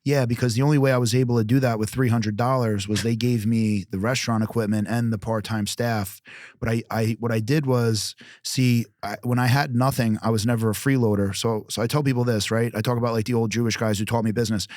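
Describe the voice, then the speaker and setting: A man talks bluntly on a podcast, swearing freely as he tells stories. His pitch sits in a middle range. The sound is dry and close. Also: brisk, no room sound. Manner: blunt, profane, animated storytelling. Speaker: guest, restaurant founder. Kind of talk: casual podcast interview.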